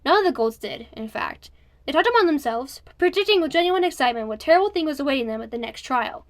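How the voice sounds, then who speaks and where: A woman's voice: high voice, lively intonation, quick pace. A woman narrating a young-adult novel as an audiobook, reading steadily and expressively.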